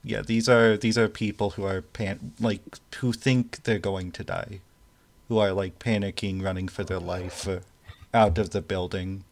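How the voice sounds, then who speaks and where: Slow low-voiced game master. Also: male voice, fairly even intonation. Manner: slow, halting narration with many restarts. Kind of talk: narrating a tabletop game.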